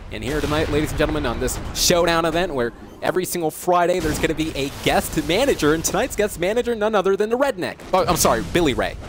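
A man hosting and commentating a gaming show in a hype announcer style, teasing his guest. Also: a little high. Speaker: host and commentator.

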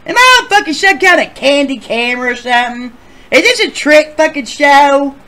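A performer voicing a foul-mouthed, easily riled man telling a tale in a Sims machinima game show. He drops to low grumbles, then climbs into loud, incredulous shouting. His pitch swings widely the whole way through. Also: big pitch swings, normal speed. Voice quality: profane, swings from mumbling to shouting. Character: crude rambling male storyteller, easily riled.

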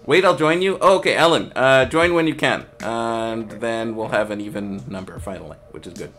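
A man casually hosting a game stream, reading chat aloud, trailing off and restarting, with bursts of excited play-by-play. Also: medium pitch, moderate pace, hardly any pauses, soft background music. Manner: excited play-by-play shouting during action. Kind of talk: casual live-stream commentary.

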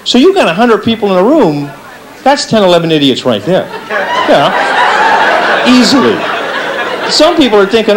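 A man doing a stand-up comedy routine on stage, talking to the audience with an animated delivery and acting out little voices. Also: moderate pace, pauses often, crowd noise, rough recording. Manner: lively, animated delivery with big pitch swings and acted-out voices. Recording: live stage set with audience laughter. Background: faint audience laughter.

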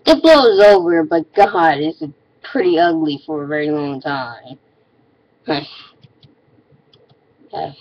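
A woman's voice: low-pitched, takes it slowly, pauses often, darkish tone, no echo, muffled recording. A woman ranting in a casual vlog, exasperated and sarcastic, often stopping and restarting her sentences. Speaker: vlogger.

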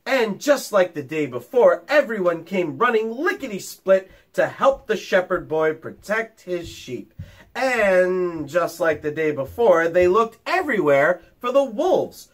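A teacher reading a picture book aloud to young children, with chatty asides to them. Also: male voice, high voice, big pitch swings, unhurried. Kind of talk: storytime read-aloud.

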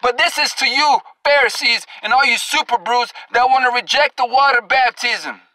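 A man's voice: extremely high pitch, normal speed, bright, forceful tone, no echo, rough recording. A male preacher delivering an angry, confrontational sermon, scolding and cursing at his listeners and drawing out scripture verses for emphasis.

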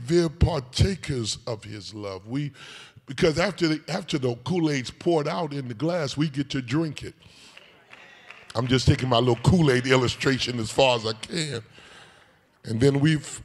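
An older man preaching a sermon, moving between quiet storytelling and shouted, sung call-and-response. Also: mid-range voice. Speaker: pastor. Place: large church sanctuary. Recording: long church-hall reverb.

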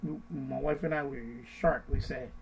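A middle-aged man hosting a finance live stream, repeating his points in a casual, animated way and mimicking panicked voices. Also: medium pitch, moderate pace, creaky, husky, low-quality recording.

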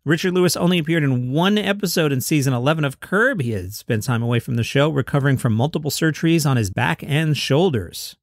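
A man's voice: a little high, lively intonation, brisk, few pauses, dry recording, clean studio sound. A man from New York City hosting a daily comedy news podcast, reading items with wry, sarcastic asides.

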